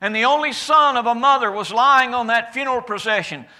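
A preacher voicing Jesus, high and bright. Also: male voice, a little fast, heavily acted. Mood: solemn. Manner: declamatory, rising and falling loudness. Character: Jesus, adult man, calm and certain. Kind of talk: first-person sermon monologue.

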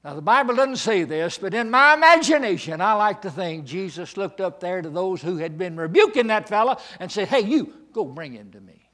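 A man preaching a sermon, swinging from hushed asides to shouting. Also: high-pitched, expressive, brisk, hardly any pauses.

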